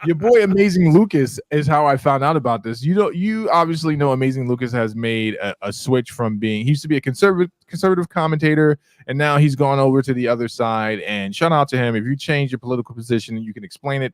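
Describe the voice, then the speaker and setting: A man's voice: medium pitch, animated, fast talker, hardly any pauses, no room sound, studio quality. A man hosting a casual political chat show, talking in a rambling, conversational way. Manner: conversational, rambling, laughs at own jokes. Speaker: host.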